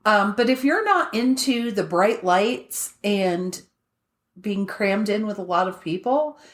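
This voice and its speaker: A woman's voice: medium pitch, takes it slowly. Chatty woman cohost, swears a lot, bouncy voice in an echoey room. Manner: animated storyteller, swears freely. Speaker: podcast co-host. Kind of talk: casual chat.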